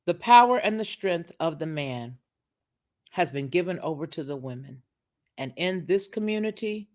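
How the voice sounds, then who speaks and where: A woman commenting on a video in a preacherly, emphatic way, quoting scripture as she goes. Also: low voice. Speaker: online commentator.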